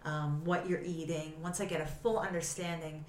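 A woman nutritional therapy practitioner explaining her work in casual conversation, earnest and quick to laugh. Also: low voice, fairly even intonation, darkish tone, slight background noise. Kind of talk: casual interview chat. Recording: echoey room, voice from a distance.

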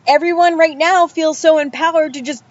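A woman's voice: high-pitched, fairly even intonation, slight background noise. A woman co-hosting a podcast, giving blunt, opinionated takes in casual chat. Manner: blunt, opinionated, quick asides. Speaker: podcast co-host. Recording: dull lo-fi podcast audio.

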